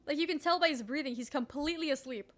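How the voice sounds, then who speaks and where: A young woman streamer telling a story in casual chat, animated, swearing freely and leaning on "like" a lot. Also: sits high, quick pace. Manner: animated, swears freely, heavy use of "like", laughs often.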